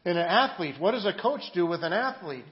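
A pastor preaching a conversational sermon, full of rhetorical questions and restarts. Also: male voice, sits high, sing-song, a little fast, lo-fi sound.

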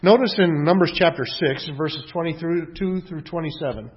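A man preaching in a church, earnest and emphatic, with a fairly high voice. His sermon comes through on dull, lo-fi church audio. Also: normal speed. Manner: earnest, emphatic preaching, reading scripture aloud. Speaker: pastor.

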